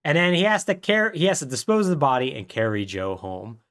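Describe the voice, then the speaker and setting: On a podcast, a male co-host casually recaps a plot one beat at a time, his pitch swooping up and down constantly. He tells it in an animated way, repeatedly slipping into quick voices to act out the characters' lines.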